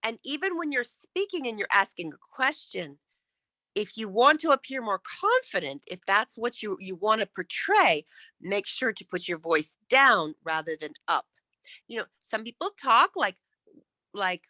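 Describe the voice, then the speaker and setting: A woman coaching speakers in an online workshop, encouraging them and demonstrating how to end sentences with a falling pitch. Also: sing-song, unhurried, pushed and bright, no echo.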